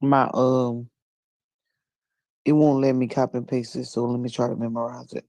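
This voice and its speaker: A woman in casual chat, telling funny stories with lots of laughs and bursts of high-pitched voices for the people she quotes. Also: moderate pace, dry recording. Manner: animated storyteller, laughs often, jumps into high voices for quotes.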